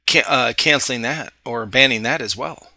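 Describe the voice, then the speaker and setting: A man's voice: medium pitch, moderate pace, creaky, sharp tone, no room sound. A married man co-hosting a podcast, chatting casually in a rambling way with many fillers and restarts. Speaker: podcast co-host. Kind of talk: casual chat.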